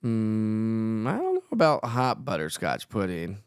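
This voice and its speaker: Chatty weather host. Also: male voice, lowish voice, wildly swooping pitch, a little slow, smooth, dry recording, clean studio sound. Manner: chatty, reads viewer comments aloud and answers them; frequent fillers and laughs. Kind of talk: casual live-stream chat.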